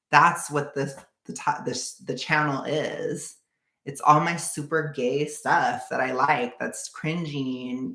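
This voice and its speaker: A young woman with a low, gravelly voice chats through a casual livestream, reading viewer comments. She talks bluntly and sarcastically, and her voice rings in an echoey room. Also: measured pace, a bit bright. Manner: blunt and sarcastic, laughs often. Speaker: streamer reacting to another stream.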